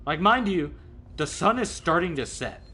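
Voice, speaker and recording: A man telling a story in casual chat with friends, animated and swearing, often laughing and acting out people's voices. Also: fairly high pitch, normal speed, husky. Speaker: streamer. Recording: faint background noise.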